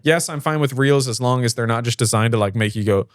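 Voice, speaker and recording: A man's voice: medium pitch, fast, dry recording, studio quality. A man hosting a local news show, reading stories and chatting casually with a rambling manner and many fillers. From Fayette area. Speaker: local news podcast host.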